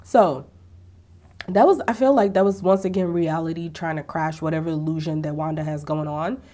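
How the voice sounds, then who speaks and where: A woman's voice: low-pitched, moderate pace. Chatty young woman recapping a show. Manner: animated, sassy asides and acted-out quotes. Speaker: TV recap vlogger. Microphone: ring-lit camera setup at home.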